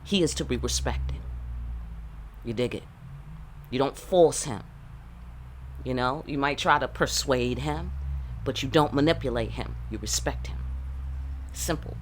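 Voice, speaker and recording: A woman's voice: rumbling low, measured pace, pauses often, slight background noise. A woman tarot reader gives blunt, profane relationship advice, peppered with rhetorical questions. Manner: blunt, profane, streetwise, full of rhetorical asides. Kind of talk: casual channeled reading.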